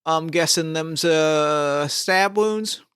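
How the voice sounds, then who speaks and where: A man's voice: on the high side, extremely slow, a bit bright, clear, resonant tone. A man voicing a swaggering cowboy monster hunter in a tabletop game, with a folksy drawl. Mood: wry.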